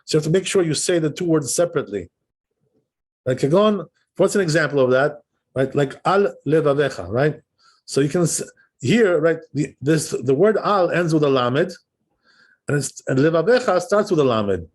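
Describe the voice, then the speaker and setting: Guy rabbi teaching a text class, voice a bit on the high side, laid back, keeps asking right?. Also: animated, moderate pace. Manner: casual and explanatory, often checks in with "right?". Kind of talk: text study lesson, reading and translating.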